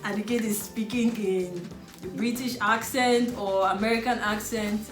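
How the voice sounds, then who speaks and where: Nigerian woman, casual chat, blunt, animated, echoey room. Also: mid-range voice, measured pace, faint music behind.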